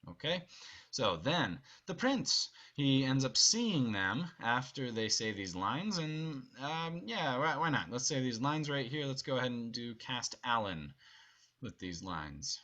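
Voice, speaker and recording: Bright-voiced man directing an online rehearsal. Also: medium pitch, very animated, a little slow. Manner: upbeat, instructive, briefly acts out lines. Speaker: theater director. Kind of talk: online rehearsal blocking instructions. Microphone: video call.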